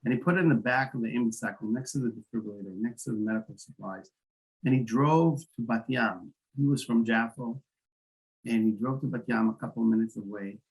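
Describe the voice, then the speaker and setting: Gravelly man telling a story haltingly. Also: mid-range voice, darkish tone, rough recording. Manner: halting, with many restarts and repeated words. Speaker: guest, founder of an emergency medical volunteer group. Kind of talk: emotional storytelling in an interview.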